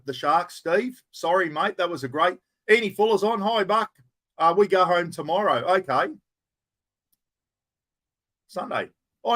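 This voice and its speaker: A middle-aged Australian man hosts a relaxed livestream chat through a plugged-in microphone, his voice fairly high and a bit bright. He greets viewers by name and swears in an easygoing way.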